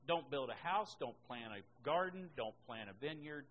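A man teaching a Bible lesson, reading scripture slowly and emphatically, then explaining it in a conversational way. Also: on the high side, big pitch swings, fairly bright tone, a little hiss or hum, rough recording.

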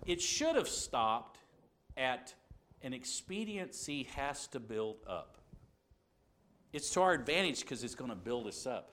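A man's voice: mid-range voice, very animated, unhurried, a bit bright. A man teaching a Bible class, reasoning aloud earnestly and asking rhetorical questions. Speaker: preacher.

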